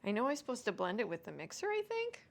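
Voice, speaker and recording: A woman's voice: fairly high pitch, huge pitch swings, fast talker, gravelly. A woman hosting a home cooking vlog, chatting casually and self-deprecatingly to viewers as she cooks. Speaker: home cooking show host.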